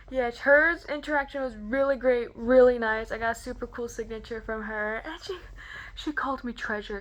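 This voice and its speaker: Bright-voiced, gushing young woman vlogger. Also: on the high side. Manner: gushing, excitable, lots of "like" fillers. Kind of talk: casual storytelling to camera.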